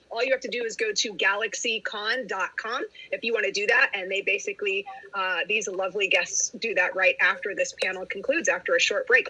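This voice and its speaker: A woman moderator running a live-streamed fan panel, reading questions and plugging autographs. Her voice is bright and slightly husky. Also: mid-range voice, low-quality recording.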